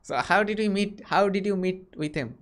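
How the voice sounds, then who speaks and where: A man's voice: high voice, normal speed, a bit bright. A man from India hosting a casual video chat with strangers, asking question after question with frequent restarts, heard over a video call. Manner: curious, asks many questions, frequent restarts. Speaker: host.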